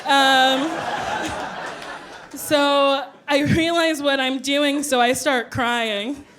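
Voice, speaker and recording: Woman comic on stage, high voice, loud noisy background, big animated quotes. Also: extremely slow, a crowd in the background. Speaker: stand-up comedian. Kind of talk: stand-up storytelling.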